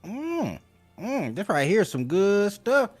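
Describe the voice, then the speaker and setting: A man doing a big, easygoing rabbit adventurer who hums and drawls over his food in a folksy way. The voice sits high and bounces around a lot, lively and friendly. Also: faint music behind, heavily acted. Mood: savoring. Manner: folksy, drawn-out savoring talk. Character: folksy, food-loving human-sized male rabbit adventurer.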